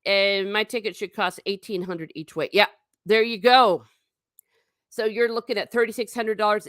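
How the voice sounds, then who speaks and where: A woman's voice: normal speed, no echo. Chatty middle-aged woman, dry close sound. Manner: chatty, rambling, animated pitch swings. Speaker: livestream host reading chat. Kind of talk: casual livestream chat.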